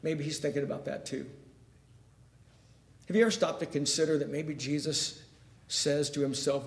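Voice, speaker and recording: A man with a fairly high voice preaches a sermon in an echoey church room. He drops to a near-hush, then swells into fervent, emphatic passages. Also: normal speed, long pauses. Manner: swings from hushed to emphatic. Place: church sanctuary.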